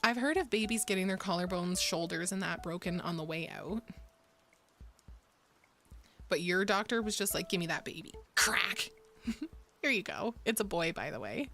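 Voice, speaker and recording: A woman's voice: on the low side, expressive, normal speed, pauses often, fairly bright tone. A young woman streaming, chatting casually with viewers in a candid, profane way, gasping and laughing often. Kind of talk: casual chat reading viewer messages.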